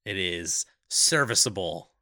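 A man with a mid-pitched, bright voice co-hosts a movie podcast. He is wry, laughs often and moves his pitch around a lot. The sound is dry and close to the mic. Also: expressive, slow, dry recording. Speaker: podcast co-host. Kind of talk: casual chat.

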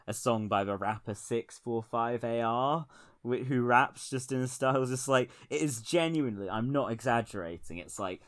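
A man's voice: mid-range voice, normal speed. A man co-hosting a casual political podcast, wry and rambling, often laughing at his own jokes. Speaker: podcast co-host.

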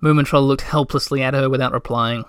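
A man's voice: medium pitch, fairly even intonation, quick pace, fairly bright tone, clean tone, no echo. Man reading a storybook, dry sound. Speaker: narrator.

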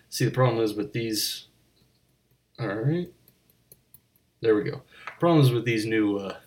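A man hosting a comedy bit as a bartender, rambling in a deadpan way with slips and restarts. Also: on the low side. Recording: voice a bit distant from the mic.

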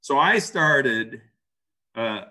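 Bright-voiced man telling a story. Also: mid-range voice, animated, very slow. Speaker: interviewee recalling an ordeal. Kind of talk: casual storytelling.

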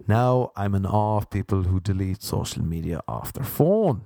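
Low-voiced comedian telling a story. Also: male voice, moderate pace, gravelly, hardly any pauses, no room sound, clean studio sound. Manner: swearing, exasperated, animated storytelling. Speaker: stand-up comedian. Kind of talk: stand-up storytelling.

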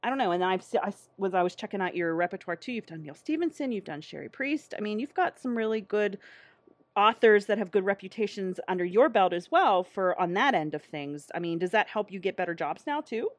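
A woman's voice: medium pitch, expressive, a little fast, no echo. A woman interviewing in a casual conversation, enthusiastic and gushing, laughing often as she talks.

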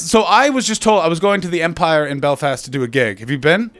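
A man doing stand-up, riffing with the crowd in a profane, animated way on a comedy club stage. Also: high-pitched, quick pace, hardly any pauses. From North America.

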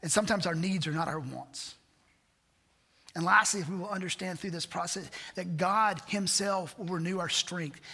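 A man preaches a sermon in a high, bright voice, earnest and full of rhetorical questions. The sound rings with the long reverb of a church sanctuary. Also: moderate pace, creaky, slightly rough. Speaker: pastor.

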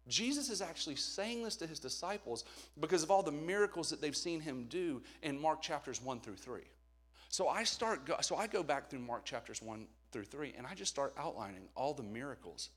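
A man in his thirties preaching a sermon, telling personal stories with sudden loud emphasis and quiet asides. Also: on the high side. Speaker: pastor.

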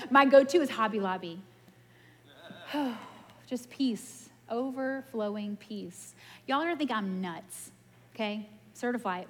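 Woman preacher, lively and chatty, slightly high voice, church hall with long reverb. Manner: animated, chatty, laughs at herself. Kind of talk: casual sermon with stories.

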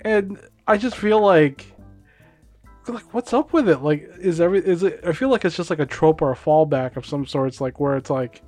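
A man's voice: fairly high pitch, normal speed, darkish tone, faint music behind. A man co-hosting a podcast in casual chat, rambling with lots of filler words and frequent laughter. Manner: rambling, heavy use of "like", laughs often. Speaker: podcast co-host.

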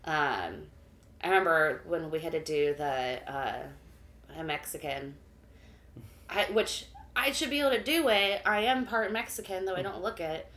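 A woman's voice: on the low side, animated, moderate pace, fairly bright tone. A young adult woman telling stories in casual chat, with many filler words. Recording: echoey room.

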